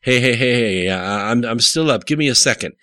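A man voicing a jittery young male car tinkerer who squeaks and stammers in panic. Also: lively intonation, fairly quick, bright, forceful tone, dry recording. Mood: frantic.

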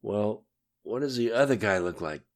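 A man voicing a rough-voiced injured female agent. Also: lowish voice, lively intonation, moderate pace, voice pushed up, natural voice. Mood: dazed, pained. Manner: rough, strained.

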